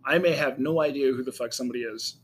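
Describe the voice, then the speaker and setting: A man's voice: mid-range voice, quick pace, slightly rough. A young man co-hosting a podcast in casual chat, joking crudely and mimicking voices. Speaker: podcast co-host.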